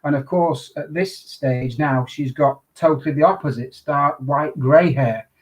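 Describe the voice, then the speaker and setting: A man, an undertaker interviewed as a guest, telling his stories in an animated way. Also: fairly high pitch, measured pace, rough recording. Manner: animated anecdotal storyteller. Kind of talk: storytelling in an interview.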